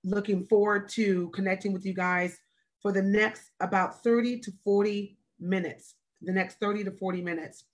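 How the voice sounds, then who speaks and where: A woman in her forties, a wellness speaker hosting a live stream, talking slowly and deliberately, with emphatic repeated phrases. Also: mid-range voice, steady tone. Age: 40s. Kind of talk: earnest, deliberate talk. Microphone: video call or live stream.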